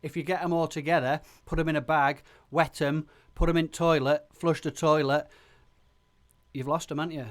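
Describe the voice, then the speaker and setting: A man's voice: on the high side, flat delivery, normal speed. A man, doing improvised comedy banter as a brash, swearing pirate radio DJ.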